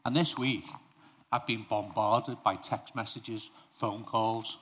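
A man's voice: on the low side, steady tone, takes it slowly, a bit bright, slightly rough. A man preaching an informal sermon to his congregation. He talks conversationally, speaks to them directly and tells personal stories.

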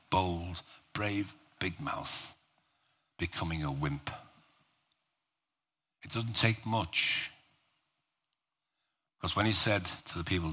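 A male preacher giving a sermon, talking slowly and emphatically in a conversational way, with rhetorical questions to the congregation. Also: low voice, bright, forceful tone, slightly rough.

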